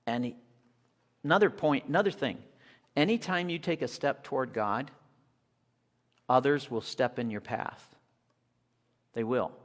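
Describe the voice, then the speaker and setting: A man preaching a sermon with animated storytelling, acting out the scenes, recorded in an echoey church hall. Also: medium pitch, unhurried, long pauses.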